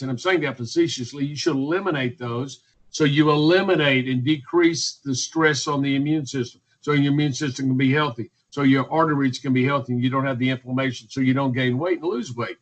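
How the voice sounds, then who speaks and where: A man's voice: mid-range voice, fairly quick, low-quality recording. A man, speaking as a physician guest in a radio interview, emphatic and repetitive, listing points one by one. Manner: emphatic, repetitive, list-making.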